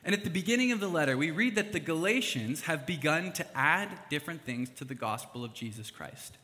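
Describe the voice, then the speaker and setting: Bright-voiced young preacher in a reverberant hall. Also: male voice, a little high, fairly quick. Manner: chatty and animated, with fillers and asides. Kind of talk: casual sermon. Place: church hall.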